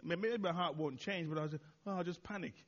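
A man's voice: a little high, quick pace, dull audio. A man at a church service reflecting on the sermon in a loose, hesitant way, full of "uh"s and restarts and poking fun at himself. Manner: hesitant, with many "uh"s and restarts, self-deprecating. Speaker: church leader responding to the sermon. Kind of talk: informal reflection after a sermon.

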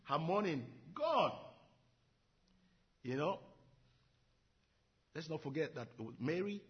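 A man's voice: on the high side, lively intonation, takes it slowly, husky, highs cut off. A man preaching an earnest sermon, repeating and building his phrases. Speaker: pastor.

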